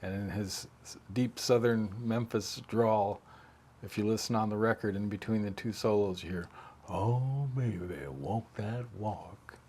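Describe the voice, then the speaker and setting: Male musician guest, low-pitched, casual interview storyteller who rambles and restarts. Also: steady tone, moderate pace, a little mellow. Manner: rambling, full of restarts and asides. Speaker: harmonica player and musician.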